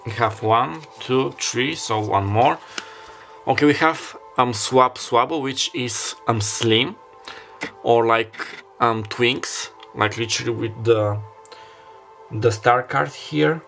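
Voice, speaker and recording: Brief: non-native English-speaking man, casual tarot reader, halting, wanders off track, filmed on his own camera. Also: medium pitch, gravelly, fairly bright tone, soft background music. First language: not English. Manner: rambling, hesitant, searches for words aloud. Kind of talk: casual tarot reading monologue.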